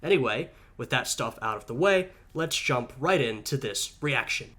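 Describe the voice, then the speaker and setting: A man's voice: medium pitch, animated, moderate pace. A man hosting a history reaction video, slightly sick and chatting casually while thinking aloud. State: a little sick, voice sounds off. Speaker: host of a history reaction channel.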